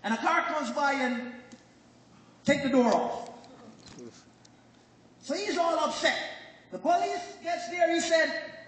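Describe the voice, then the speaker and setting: A man's voice: very high voice, takes it slowly, long pauses. A man with a Jamaican accent giving a motivational business talk to a crowd, joking and telling stories and quizzing the audience. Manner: joking, animated storyteller who questions the crowd. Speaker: business presenter. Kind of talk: motivational speech to a live audience. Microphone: phone recording from the audience, far off. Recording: echoey hall, distant phone recording, faint noise.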